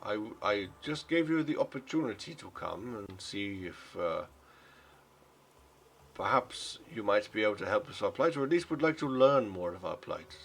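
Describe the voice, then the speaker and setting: A man voicing a gentle, weary townsman who speaks in an earnest, halting way. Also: on the low side, lively intonation, a little hiss or hum. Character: gentle foreign male townsman, weary but hopeful.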